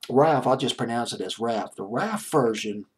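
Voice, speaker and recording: A man's voice: mid-range voice, lively intonation, moderate pace, slightly rough. A middle-aged man hosting his own music countdown in a rambling, casual way, often correcting himself and chuckling. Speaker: music video host.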